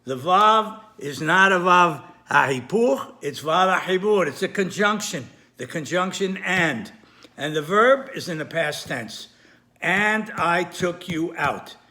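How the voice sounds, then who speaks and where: A man giving a recorded lesson, explaining carefully with repetition, pauses and small self-corrections. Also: sits high, expressive, sharp tone. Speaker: Torah teacher. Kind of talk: recorded lesson on Hebrew grammar.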